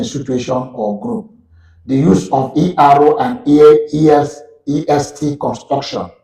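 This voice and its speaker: A man's voice: a little high, vocal fry, warm tone, far from the mic. Male lecturer with a Nigerian accent, methodical and repetitive, a little away from the mic. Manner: slow, repetitive explaining. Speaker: university lecturer. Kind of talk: live online lecture on English grammar. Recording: echoey room, voice off-mic.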